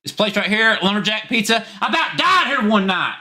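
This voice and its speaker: Rowdy Southern-accented stream host. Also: male voice, sits high, big pitch swings, fairly quick, sharp tone. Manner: rowdy, profane and joking. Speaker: livestream call-in show host. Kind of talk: casual live stream chat.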